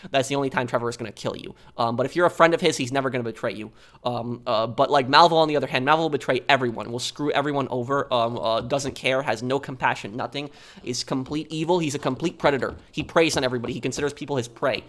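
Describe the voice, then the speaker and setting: A man's voice: medium pitch, fast talker, a bit bright. A young man chatting casually on a live stream, answering viewers and rambling with lots of ums, uhs and repeated words.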